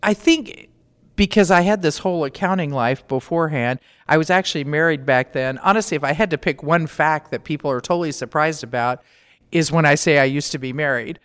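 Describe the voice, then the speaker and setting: A middle-aged woman who works as a veterinarian answers interview questions in a plainspoken, practical, matter-of-fact way. Her low, smooth voice moves a little fast, and the recording carries a long reverb.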